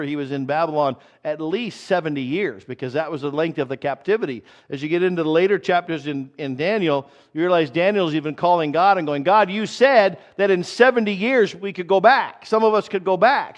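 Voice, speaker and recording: A male pastor preaches in a conversational sermon style, with a slightly high voice. He slows down to repeat his key points. The sound is a bit dull, like a church recording.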